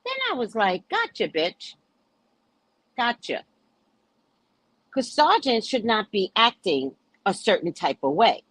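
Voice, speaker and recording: Woman storyteller, husky, lively rise and fall, blunt and profane, dry close sound. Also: mid-range voice, normal speed, few pauses, dry recording. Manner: reads text messages aloud. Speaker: psychic reader recounting a client dispute. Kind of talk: casual storytelling to viewers.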